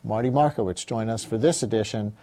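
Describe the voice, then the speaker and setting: Mellow-voiced male TV host. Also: on the low side. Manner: measured, scripted intro then quick questions. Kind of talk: TV interview. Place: TV studio.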